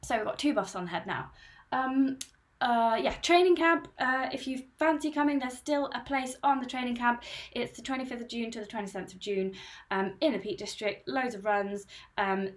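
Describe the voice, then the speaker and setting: A woman's voice: fairly high pitch, normal speed. A woman in her thirties hosting a running live stream, chatting upbeat and casually as she reads out viewer comments.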